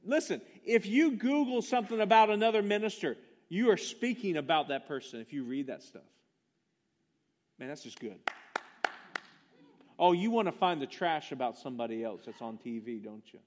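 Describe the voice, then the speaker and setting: A man's voice: fairly high pitch, expressive, normal speed, darkish tone. A man preaching a sermon, emphatic and passionate, firing rhetorical questions at his congregation. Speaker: pastor.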